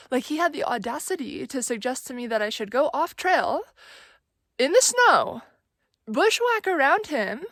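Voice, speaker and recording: Młoda kobieta z akcentem z Zachodniego Wybrzeża USA, nagrywająca na szlaku swobodnego vloga z wędrówki i opowiadająca gadatliwie, z mnóstwem wtrąceń „like”. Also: female voice, on the high side, no room sound. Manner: chatty, many "like" fillers, exasperated storytelling. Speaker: thru-hiker vlogger. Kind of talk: casual vlog storytelling. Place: outdoors on a mountain trail.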